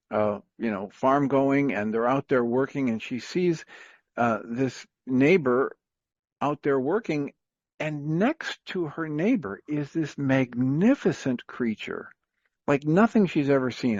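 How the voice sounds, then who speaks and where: A man's voice: medium pitch, no room sound. Rambling man telling a story on talk radio. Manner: rambling, filler-heavy, chuckles often. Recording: dry, dull lo-fi radio sound.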